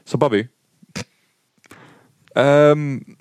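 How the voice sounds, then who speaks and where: A man's voice: mid-range voice, lively intonation, quick pace, no echo, clean studio sound. A man co-hosting a podcast in casual banter, rambling and checking in with "do you know what I mean". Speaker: podcast co-host.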